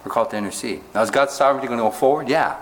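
A man preaching a sermon, reading scripture aloud slowly and stopping often to ask his listeners rhetorical questions. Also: mid-range voice, a little hiss or hum. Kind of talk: sermon, Bible teaching.

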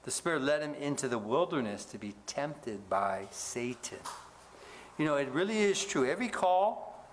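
A male pastor preaching a sermon, asking the congregation to fill in words, rising for emphasis and dropping low to close each point. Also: sing-song, normal speed, slight background noise.

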